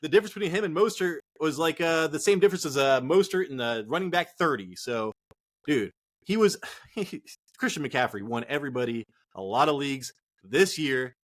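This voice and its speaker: A sports podcast host talks in an excitable, casual style, swearing a lot and calling listeners "dude" and "man." His voice is a little high and his pace moderate.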